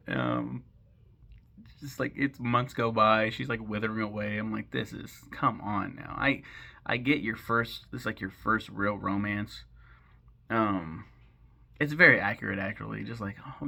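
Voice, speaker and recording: A man with a gravelly, fry-laced edge to a bright, forceful tone, talking through a film in a loose, rambling way. He is sarcastic and swears freely, and he stops and restarts his thoughts as he goes. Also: fairly low pitch, animated, normal speed. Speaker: film commentary host. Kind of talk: casual film recap and commentary.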